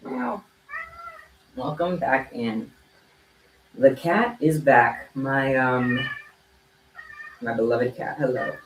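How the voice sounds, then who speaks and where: A woman's voice: a bass voice, takes it slowly, pauses often, a little hiss or hum. A young woman chatting casually on a livestream while she makes bracelets at home, with a chatty manner. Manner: chatty, meows at her cat. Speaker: streamer making kandi bracelets. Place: home room. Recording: echoey room, faint ambience.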